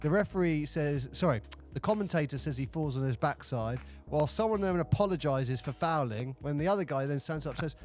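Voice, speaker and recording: Animated man chatting, faint music. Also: a little high, brisk, hardly any pauses. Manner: animated storytelling, acts out quoted lines. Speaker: podcast co-host. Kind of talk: casual chat.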